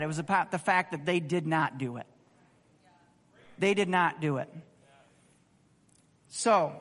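A man preaching a sermon, conversational and animated, asking the congregation rhetorical questions. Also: high-pitched, in a large hall. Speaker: pastor.

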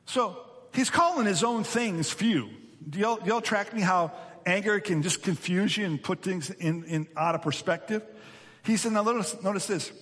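A man preaching a sermon as a pastor, animated and acting out the voices of the story's characters. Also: high voice, normal speed, in a large hall.

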